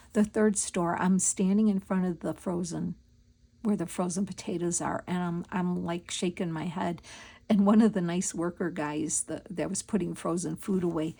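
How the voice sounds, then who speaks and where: A woman's voice: lowish voice, creaky, warm tone. A woman hosting a crafting video, chatting casually and telling stories while she works. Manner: chatty, storytelling, thinks aloud while working. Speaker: crafting channel host.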